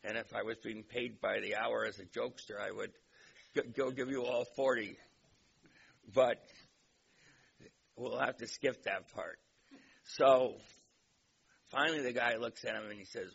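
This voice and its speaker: Gravelly, bright-voiced male lecturer. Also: mid-range voice, fairly even intonation, measured pace, pauses often. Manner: conversational, digressive storyteller. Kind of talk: lecture with a told joke. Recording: dull recording with faint hiss.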